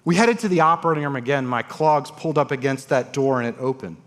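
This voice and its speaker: A man, a transplant surgeon, telling stories on a conference stage with dramatic pauses and voiced quotes. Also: medium pitch. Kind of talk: storytelling talk on stage. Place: conference stage before an audience.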